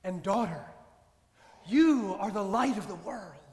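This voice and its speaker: Priest quoting Jesus, gentle and calm, high and slow, in a reverberant church. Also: male voice. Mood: assuring. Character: calm, tender Jesus, adult man. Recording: echoey church with long reverb.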